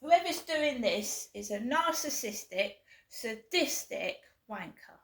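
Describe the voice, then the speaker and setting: Taking it slowly, a British vlogger in her fifties delivers an angry rant to camera, full of hard swearing and sarcastic jabs. She speaks in a slightly high, expressive, fairly bright voice, captured with reverb.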